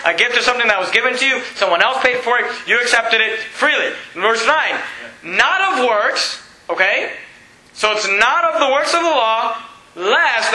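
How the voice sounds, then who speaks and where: High bright-voiced preacher in an echoey room. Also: male voice, slight background noise. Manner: emphatic preaching with rhetorical questions. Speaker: pastor. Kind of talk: sermon.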